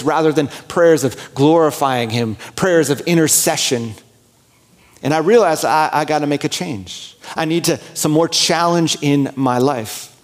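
A man's voice: fairly high pitch, unhurried. A man preaching a sermon as pastor, talking in a candid, conversational way and acting out his own prayers and inner dialogue.

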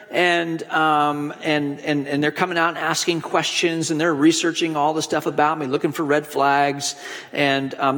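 High-voiced man preaching in a hall. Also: a bit bright. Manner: conversational storytelling preacher with restarts. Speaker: pastor. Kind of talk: sermon.

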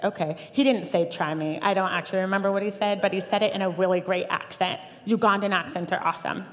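A woman in her thirties giving a lively personal church testimony, with frequent fillers and restarts. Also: lowish voice. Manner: animated storytelling with fillers and restarts. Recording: long reverb of a hall.

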